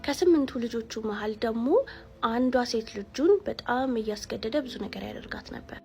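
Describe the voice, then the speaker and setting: A woman tells a scary personal story at a very rapid pace. Her voice is gravelly and sits fairly high. She slips English words into her speech. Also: darkish tone.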